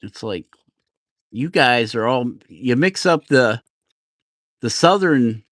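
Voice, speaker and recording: A man's voice: mid-range voice, no echo. A middle-aged man from New Jersey talks loosely while carving and chats with viewers of his livestream. He rambles from topic to topic and laughs at himself as he goes. His voice is recorded close and dry, with no room sound. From New Jersey, USA. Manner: rambling, self-deprecating, laughs often. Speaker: woodcarving livestream host. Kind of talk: casual chat while carving.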